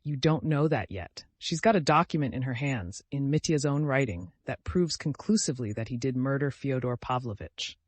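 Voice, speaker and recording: A man's voice: mid-range voice, animated, normal speed, hardly any pauses, no echo, lightly acted. A male narrator voicing a tormented, irritable young man who speaks sharply and angrily. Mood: agitated. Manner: sharp, angry outbursts.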